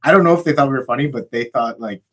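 A man co-hosting a podcast, chatting casually and retelling movie scenes with quick laughs. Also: mid-range voice. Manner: animated storytelling, quick laughs. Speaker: podcast co-host. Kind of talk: casual chat.

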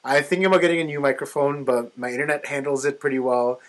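A man's voice: medium pitch, fairly even intonation, fast talker. A young man in casual chat with friends, rambling and chatty with plenty of fillers. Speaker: podcast co-host talking about his streaming.

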